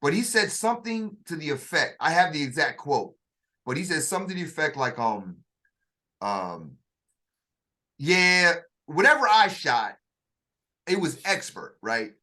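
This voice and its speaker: A man casually telling a story in conversation, animated and full of slang, with vocal sound effects. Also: on the high side, a little slow, long pauses. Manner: uses slang and restarts. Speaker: storyteller in a two-man dialogue.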